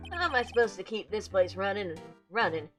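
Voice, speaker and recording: A woman voicing an eccentric, doting older man who speaks loudly and drags out his words, with game music behind. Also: medium pitch, animated, a little fast, natural voice. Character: eccentric rambling old man, doting father figure.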